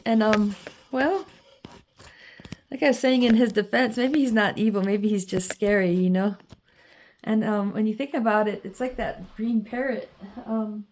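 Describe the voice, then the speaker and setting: Rambling woman with a mellow voice. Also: mid-range voice, fairly even intonation, a little slow, pauses often. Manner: meandering, full of ums and you-knows, laughs often. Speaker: vlogger showing her drawings. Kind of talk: casual rambling monologue.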